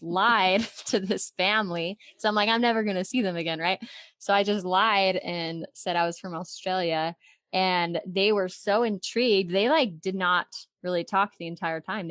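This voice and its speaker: Chatty young woman guest, low voice. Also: fairly bright tone, no room sound. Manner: chatty, giggly, peppered with "like". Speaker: podcast guest. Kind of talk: casual faith-based interview storytelling.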